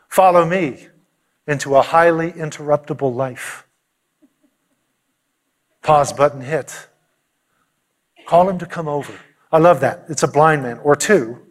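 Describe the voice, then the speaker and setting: A male pastor delivering a sermon, telling a story with animation and acting out the quotes. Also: fairly high pitch.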